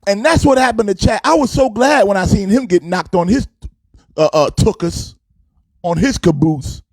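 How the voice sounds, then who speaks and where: A man's voice: high-pitched, expressive, moderate pace, darkish tone, no echo. A man hosting a casual sports talk show, fired up and preachy, with a sing-song delivery.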